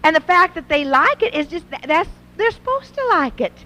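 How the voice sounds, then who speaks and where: A woman's voice: extremely high pitch, normal speed. A middle-aged woman giving a folksy, conversational talk to an audience of women, acting out little scenes between mothers and daughters. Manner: animated, folksy, acts out mothers and daughters in quotes. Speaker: speaker at a Christian women's event.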